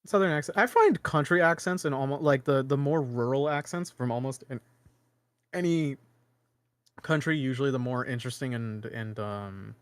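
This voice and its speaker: A man from Canada co-hosting a podcast, talking in a rambling, animated way with many restarts. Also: mid-range voice, moderate pace, smooth, dry recording. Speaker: podcast co-host. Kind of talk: casual chat.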